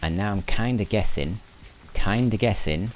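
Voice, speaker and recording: A gaming streamer from Lancashire, England, with a mixed northern English accent and a lowish voice at normal speed, muses aloud and chats with viewers while commentating on his live gameplay.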